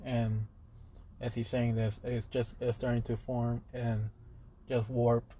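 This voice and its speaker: Man improvising a halting fan story. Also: mid-range voice, little pitch movement, dark tone, slight background noise. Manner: halting, many restarts.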